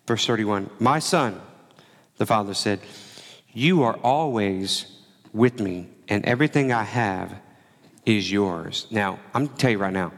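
A man preaching a sermon in a relaxed, conversational way, acting out the quoted lines as he tells the story. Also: medium pitch, big-room sound. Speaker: pastor.

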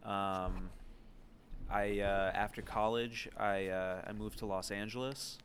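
A man from New York in his late twenties chats casually, pausing on fillers as he tells a story. His voice sits on the low side. A faint ambience hums behind him. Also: steady tone, a bit bright, slight background noise. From New York City. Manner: chatty, hesitant with fillers. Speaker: podcast co-host. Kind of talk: casual chat.

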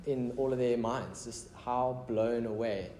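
A man's voice: medium pitch, steady tone, unhurried, mellow, echoey room, a little hiss or hum. A man preaching a casual, conversational sermon as pastor, mixing prayer, scripture reading and chatty asides.

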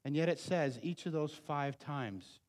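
A man preaching a sermon as pastor, pleading and emphatic, swinging between loud urgent passages and quiet low asides. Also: unhurried.

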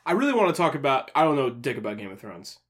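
A man's voice: mid-range voice, very animated, quick pace, fairly bright tone. A man co-hosting a casual film podcast, asking questions and steering the conversation, with some casual swearing. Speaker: podcast co-host.

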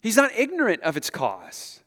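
A man in his thirties, a pastor giving a conversational, animated sermon and chuckling often as he speaks to the room. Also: high-pitched, moderate pace. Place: large hall with an audience. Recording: long echo of a big hall.

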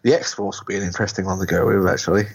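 Co-hosting a casual podcast, a man talks in a low-pitched, steady voice that races along with a creaky, breathy edge. He rambles and often restarts his sentences, and the recording has a dull lo-fi sound.

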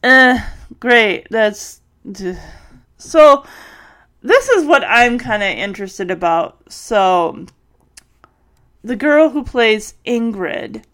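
A woman's voice: on the high side, expressive, slow, long pauses, a bit bright. Rambling woman podcast host. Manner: rambling, thinks aloud with many restarts. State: tired, yawning. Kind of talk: casual solo podcast chat.

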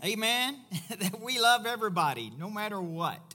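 A man's voice: high-pitched, expressive, normal speed, sharp tone. A man preaching in church, with joking asides to his co-presenter. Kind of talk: church sermon and banter.

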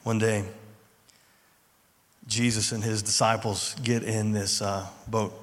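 A man's voice: fairly low pitch, little pitch movement, takes it slowly. A man preaching a sermon in a casual, conversational way, then leading a prayer. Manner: conversational, informal preaching with fillers. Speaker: pastor. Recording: hall reverb with music behind. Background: soft music.

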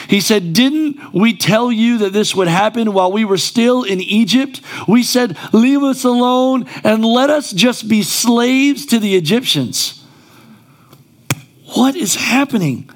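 A man's voice: very high-pitched, lively intonation, a little slow. A male pastor preaching a sermon in a church, conversational and then rising to emphatic exclamations.

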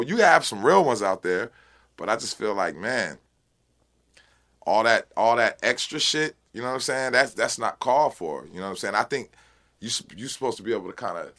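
A man guesting on a rap interview talks casually and passionately while high, his speech full of street slang and repeated "you know what I'm saying." His voice is a bit bright, and the talk is casual and unfiltered.

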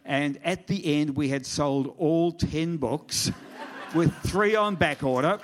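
A man's voice: a little high, takes it slowly. Wry middle-aged man telling a story. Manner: wry, self-deprecating, animated storytelling with quoted dialogue. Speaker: author giving a talk. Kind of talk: storytelling presentation. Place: lecture room before an audience.

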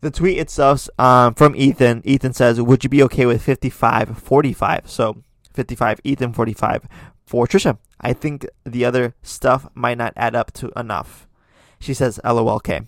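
A podcast host reads tweets aloud into a close mic and adds blunt opinions, chatting casually with many fillers, restarts and opinionated asides. His mid-range voice is steady at a normal pace, and the sound is dry with no echo or room around it.

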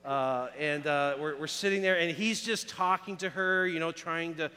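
Guy preaching in church, high bright voice, chatty storytelling, big echoey hall. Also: normal speed, clear, resonant tone. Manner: casual storytelling with audience questions. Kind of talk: sermon. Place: church sanctuary.

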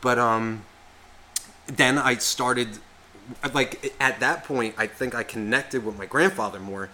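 Slowly, a man in his thirties co-hosting a podcast rambles through a casual story, swearing a lot and saying "like" nonstop. His voice is bright and forward at a typical pitch for a man.

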